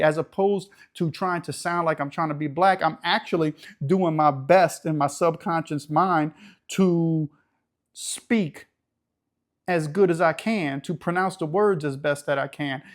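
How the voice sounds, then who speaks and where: A man from the New Orleans area with a local accent, hosting a casual, blunt, streetwise monologue. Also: on the high side. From New Orleans area, Louisiana. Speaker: YouTube channel host.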